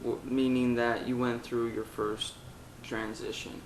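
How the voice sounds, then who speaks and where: The poor, reverberant audio carries a bit of hiss or hum as a singing teacher explains a vocal technique lesson. His mid-range voice is level and unhurried, and he demonstrates each step with loud sung vowels and meows.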